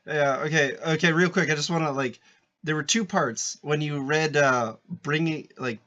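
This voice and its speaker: A man co-hosting a podcast who chats casually and reacts with excitement. His voice sits somewhat high and is lively. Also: moderate pace. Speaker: podcast co-host. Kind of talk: casual chat.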